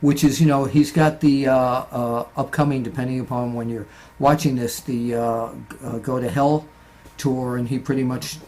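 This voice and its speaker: A man hosting a casual interview, prompting his guest and speaking haltingly. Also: medium pitch, steady tone, a little mellow. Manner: brief encouraging interjections, halting. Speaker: interviewer, host.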